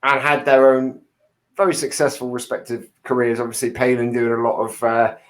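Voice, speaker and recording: A man's voice: medium pitch, little pitch movement, normal speed. A man in casual chat, enthusiastically agreeing and chipping in.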